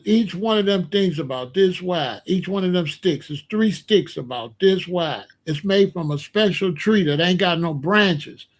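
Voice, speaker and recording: A man hosting a podcast, telling a story in a casual, animated and slangy way. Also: high voice. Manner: animated, slangy, explains with gestures. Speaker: podcast host.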